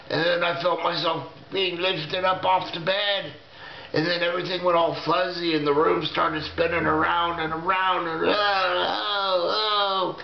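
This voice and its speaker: A man telling a dramatic first-person story in a slow, halting, fearful way, using folksy grammar. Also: fairly high pitch, gravelly, a little hiss or hum. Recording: echoey room, dull lo-fi sound.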